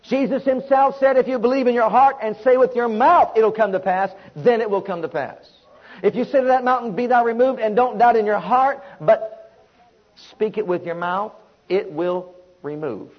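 Male preacher, high husky voice, emphatic call-and-response sermon, muffled lo-fi recording. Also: moderate pace.

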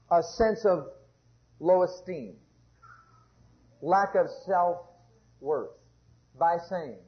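A man preaching a sermon with fervor, going from loud exclamations down to low murmurs. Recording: muffled lo-fi sermon recording.

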